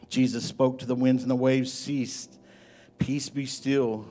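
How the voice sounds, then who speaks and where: A man preaching a sermon as pastor, moving from soft, low asides to loud, rising exhortation.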